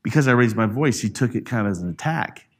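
A man's voice: mid-range voice, fast talker. A middle-aged man telling a family story to a church audience, acting out the voices he quotes. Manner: animated, acts out quoted voices. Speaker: parent speaking to a church audience. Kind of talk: storytelling talk.

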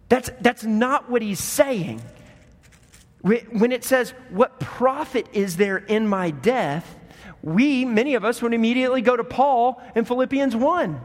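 High-voiced man preaching in a reverberant hall. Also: moderate pace. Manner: animated storytelling, acts out voices in quotes. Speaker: pastor. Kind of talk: sermon.

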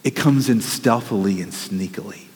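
A man's voice: fairly low pitch, moderate pace, a little mellow, slightly rough, big-room sound. A man preaching a sermon as a pastor, earnest and urgent, telling vivid stories.

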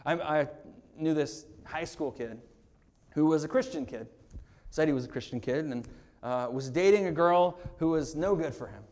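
A male pastor preaches a sermon conversationally, adding humorous asides and laughs, then growing quiet and earnest on serious points. His voice is on the high side at a moderate pace.

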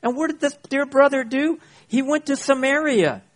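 A man pastor preaching a sermon, emphatic, often checking in with his listeners and reading scripture slowly. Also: very high-pitched. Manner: emphatic, checks in with "You see?" and "Okay?"; reads scripture slowly and deliberately.

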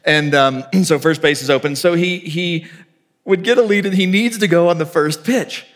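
A man preaching a sermon as a pastor. He tells a story with lively animation, acting out dialogue and swinging between loud and hushed delivery. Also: on the high side, moderate pace.

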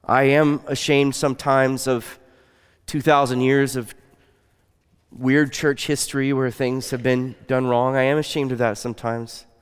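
The pastor's sermon comes at a measured pace, medium in pitch with little pitch movement. His smooth, resonant voice is earnest and conversational, often falling to a soft, quiet tone. A long hall reverb surrounds it.

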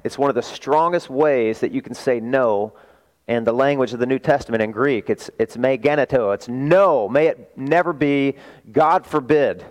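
A man's voice: medium pitch, low-quality recording. A man preaching a sermon as a pastor to his church, emphatic and full of rhetorical questions.

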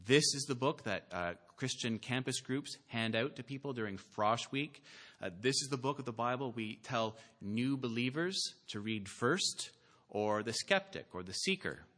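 A man preaching a sermon from a church pulpit, earnest and deliberate, building to emphatic, rising peaks and scattering the odd "uh". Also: mid-range voice, lively intonation, a bit bright. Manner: slow, deliberate delivery with filler "uh"s. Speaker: pastor.

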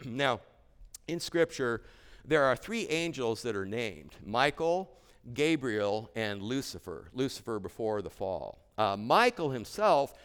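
A man's voice: medium pitch, big pitch swings, slow, fairly bright tone, clear, resonant tone, in a large hall. A man preaching a sermon as pastor, addressing the congregation as "beloved" and building his points through emphatic repetition.

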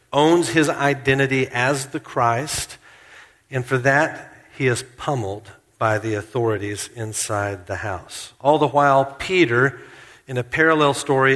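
A man's voice: mid-range voice, a bit bright. Earnest male preacher in a reverberant hall. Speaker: pastor. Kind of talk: sermon.

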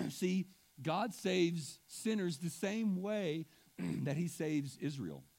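A man preaching a sermon as pastor, impassioned and emotional, swinging between loud emphasis and hushed asides and often clearing his throat. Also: high-pitched, animated, slow pace.

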